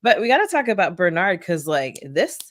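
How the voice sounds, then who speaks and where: A woman with a low voice co-hosts a book club podcast. She chats casually, laughs easily and slips into playful voices for quoted lines. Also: very animated, fairly quick, dry recording. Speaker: podcast co-host.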